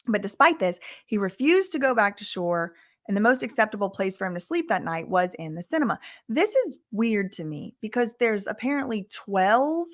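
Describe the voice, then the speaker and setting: A woman's voice: mid-range voice, sing-song, normal speed, dry recording, clean studio sound. Woman casually breaking down a lawsuit. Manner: reads transcript quotes aloud with frequent asides. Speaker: legal commentary host. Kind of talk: casual commentary reading from a lawsuit.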